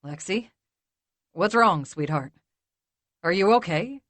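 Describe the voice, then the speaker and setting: A woman voicing a protective young man who speaks in a smooth, calm, soothing drawl. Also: on the low side, takes it slowly, no echo, full character voice.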